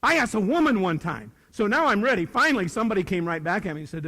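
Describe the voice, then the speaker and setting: An older man giving a live motivational talk to young people, animated and swinging between loud bursts and hushed asides. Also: high-pitched, quick pace. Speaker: motivational speaker. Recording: reverberant hall.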